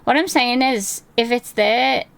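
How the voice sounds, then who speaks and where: A woman's voice: on the high side, a little slow, vocal fry, fairly bright tone, clean tone, no echo. A woman in her twenties streaming from home, chatting casually with her chat, swearing freely and poking fun at herself. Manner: chatty, swears often, self-deprecating, laughs easily. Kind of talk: casual chat reading chat aloud.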